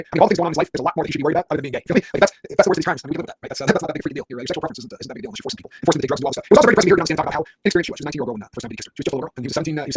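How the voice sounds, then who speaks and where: A middle-aged man giving rambling livestream commentary on a court case, pausing to read and answer viewer chat. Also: a little high, a little hiss or hum. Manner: rapid, rambling, reads chat aloud.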